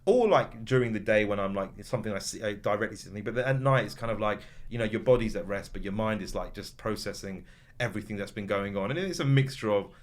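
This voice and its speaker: A man's voice: lowish voice, fast talker. A man chatting casually, rambling through a story with lots of fillers. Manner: rambling, animated storytelling with frequent fillers and laughs. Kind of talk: casual chat.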